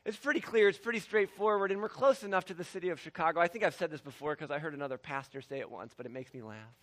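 A male pastor preaching a sermon in an animated way, swinging between shouted lines and hushed ones, with laughs between points. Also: on the high side, brisk.

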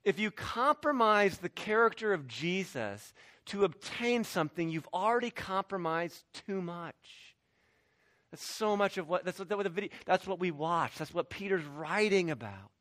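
A man's voice: sits high, expressive, moderate pace, bright, forceful tone, dry recording, clean studio sound. A man preaching a sermon as pastor, emphatic, with restarts and quoted asides.

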